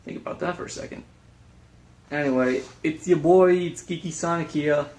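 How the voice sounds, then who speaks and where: A man's voice: a little high, moderate pace, a little mellow, slight background noise. A man introducing a reaction video in a chatty, slightly hesitant way. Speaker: video host.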